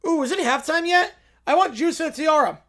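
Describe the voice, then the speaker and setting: A man's voice: very high voice, fairly quick, a bit bright, voice pushed up. A man putting on a bratty little princess. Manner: whiny, demanding, bratty. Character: bossy spoiled little girl princess.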